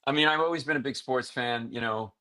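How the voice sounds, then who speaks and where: A man from New England, a comedian guest telling quick jokes and stories and laughing at his own lines. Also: mid-range voice, pushed and bright. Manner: rapid joking storytelling, laughs at own lines. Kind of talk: casual talk show chat.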